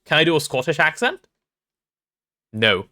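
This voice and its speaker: A young English man casually chatting on a gameplay livestream, reading chat aloud and joking, quick to apologize. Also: on the high side, sing-song, bright, forceful tone. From England.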